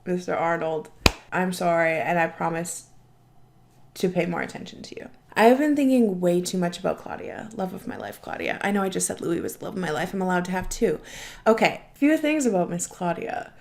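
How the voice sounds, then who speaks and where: A woman's voice: fairly low pitch, animated, fairly quick, gravelly. A young woman hosting a reaction video, talking in a chatty, gushing way and swearing casually. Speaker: reaction channel host.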